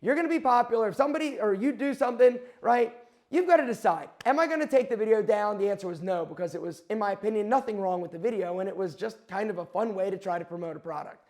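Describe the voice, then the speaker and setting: A man's voice: high voice, fast talker, a little mellow. A man hosting his own channel, telling a candid story to camera and often quoting himself and others as he rambles and corrects himself. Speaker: channel host.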